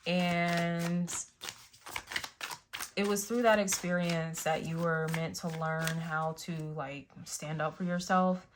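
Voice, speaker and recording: Woman, tarot reader, slow unhurried talk, rambling with fillers, noisy recording. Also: fairly low pitch. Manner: rambling, many fillers and restarts. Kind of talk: casual spiritual reading.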